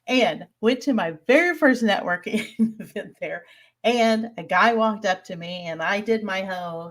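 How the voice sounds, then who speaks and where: Southern woman cohosting a chat show, folksy, laughs a lot, middle pitch. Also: measured pace, fairly bright tone. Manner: chatty, laughs often, folksy. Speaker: podcast co-host. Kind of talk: casual chat.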